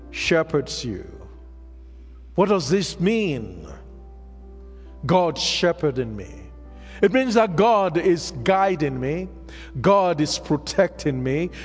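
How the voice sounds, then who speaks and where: High-voiced preacher in an echoing hall. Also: male voice, slightly rough. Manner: call-and-response preaching, drawn-out emphatic phrases. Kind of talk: sermon. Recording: music under voice, long hall reverb.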